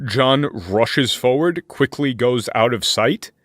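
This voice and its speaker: A man running a tabletop game as game master, narrating slowly with fillers and restarts. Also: mid-range voice, dry recording, studio quality. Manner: slow, hesitant narration with many fillers.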